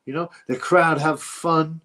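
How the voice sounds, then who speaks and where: A man's voice: on the high side, fairly even intonation, unhurried, sharp tone. Male livestream host; blunt, rambling, mocking, casual chat tone. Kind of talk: casual livestream chat answering viewer comments.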